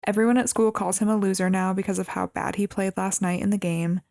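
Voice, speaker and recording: A woman's voice: mid-range voice, steady tone, fast talker, creaky, a little mellow. A woman co-hosting a podcast, recapping a movie plot in casual chat with wry, amused comments. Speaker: podcast co-host.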